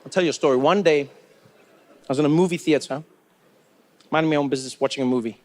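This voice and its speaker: A South African man doing stand-up, his voice pitched high for a man. He tells his stories in an animated way and repeats words for effect. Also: quick pace, a little hiss or hum. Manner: animated storytelling with repetition. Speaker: stand-up comedian. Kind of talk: stand-up comedy set.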